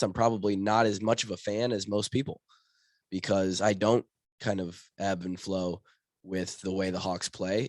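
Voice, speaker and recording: A young man with a hoarse voice from a cold, hosting his podcast in rambling, self-correcting casual talk. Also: fairly low pitch, no echo, studio quality. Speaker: podcast host.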